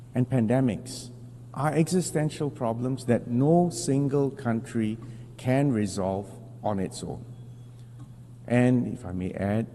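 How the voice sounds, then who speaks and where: A man delivering a formal prepared speech at a podium, deliberate and emphatic with measured pauses. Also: medium pitch, mellow. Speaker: national representative giving a UN address. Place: large assembly hall. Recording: long hall reverb with faint hum.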